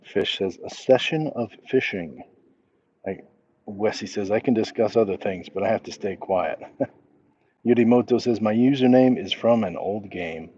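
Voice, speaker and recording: A man's voice: lowish voice, normal speed, mellow, highs cut off, a little hiss or hum. A middle-aged man walking outdoors at night, chatting casually on a livestream and reading viewer comments aloud in a laid-back, chuckling way. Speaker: livestream host. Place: outdoors at night, crickets around.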